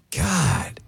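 Here is a middle-aged man hosting a talk show, his voice high for a man and husky. The sound is dry and close to the mic. He reads out listener comments between bursts of laughter. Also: dry recording. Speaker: radio show host. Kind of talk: casual studio banter.

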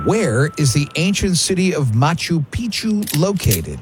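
A man hosts a radio show in casual, joking banter, quizzing a caller. His voice sits a little high and swings widely in pitch, as if he's always about to crack a joke. A faint hiss runs under the recording. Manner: joking, animated, quick asides. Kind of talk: casual radio banter running a trivia game.

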